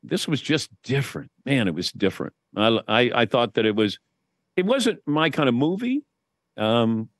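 A man's voice: mid-range voice, big pitch swings, normal speed, dry recording, studio quality. A man in his sixties, a guest sportscaster, telling wry stories in casual chat with frequent restarts.

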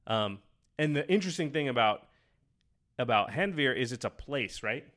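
A man co-hosting a podcast, talking casually, quick and enthusiastic, rambling with restarts. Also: mid-range voice, expressive, a bit bright. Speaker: podcast co-host. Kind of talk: casual chat.

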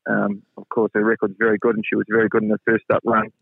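A man's voice: fairly low pitch, monotone, gravelly, slightly rough, no echo. New Zealand man on a tinny phone line. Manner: modest, measured, many fillers. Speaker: racing stable hand, guest. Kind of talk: phone interview.

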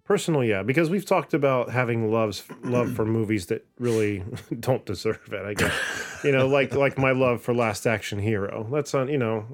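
Animated, laughing podcast host man. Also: mid-range voice, normal speed. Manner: animated, laughs often, swears casually. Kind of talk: casual chat.

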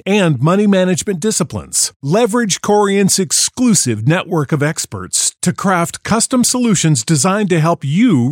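A man reading a sponsor ad in a smooth promotional delivery. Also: on the high side, dry recording, clean studio sound. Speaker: ad announcer. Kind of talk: scripted ad read.

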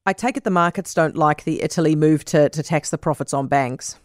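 Female talk-radio host, teasing, low voice, dry studio sound. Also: a little fast, no echo. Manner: playful, teasing. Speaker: radio drive-time host.

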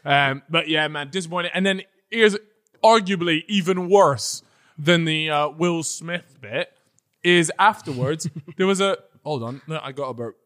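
Young guy on a podcast, slightly high voice, blunt and sweary, laughing a lot. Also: a little slow, fairly bright tone. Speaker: podcast co-host. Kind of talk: casual chat.

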